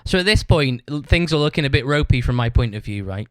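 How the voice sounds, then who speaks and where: A man with a medium-pitched voice and lively intonation talks fast, with no echo. Hosting a podcast, he rambles through a casual story, swears nonstop, and caps his sentences with "right?".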